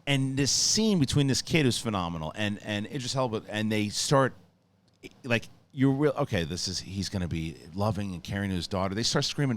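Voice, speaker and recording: A man hosting a movie review show, giving an excited, rambling spoiler review with lots of swearing and restarted sentences. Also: fairly low pitch, fairly quick, a little hiss or hum.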